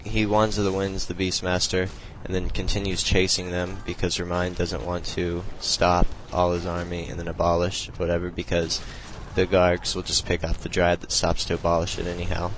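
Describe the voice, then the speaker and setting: A man's voice: low-pitched, completely flat delivery, moderate pace, hardly any pauses, slight background noise, low-quality recording. A young man casually talking through a strategy game replay, explaining moves in a loose, rambling way with many fillers. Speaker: replay commentator.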